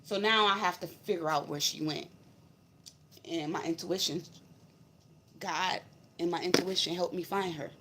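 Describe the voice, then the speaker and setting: A woman's voice: fairly low pitch, steady tone, moderate pace, pauses often, fairly bright tone, a little hiss or hum. A woman vlogger telling a personal spiritual story in a blunt, emphatic, profane way. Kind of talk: casual storytelling to camera.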